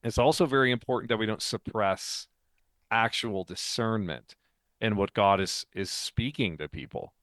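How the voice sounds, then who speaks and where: A man's voice: fairly low pitch, moderate pace, a bit bright, no room sound. Man, podcast co-host, casual explanatory chat, laughs often, dry close sound.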